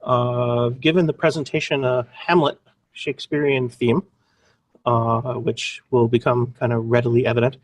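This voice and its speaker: A man's voice: medium pitch, flat delivery, moderate pace. A man presenting a webinar in a playful, upbeat, joking way.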